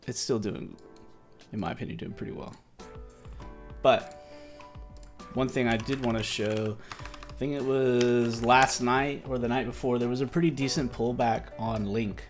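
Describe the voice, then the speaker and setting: A man in a mid-range voice hosts a livestream market review, worn out and yawning. He rambles casually, restarts sentences and drops slang. Soft music and keyboard clicks sit faintly under him. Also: mid-range voice, steady tone, a little slow, pauses often. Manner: rambling, loose, self-correcting, slangy. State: tired and yawning. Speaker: crypto market stream host.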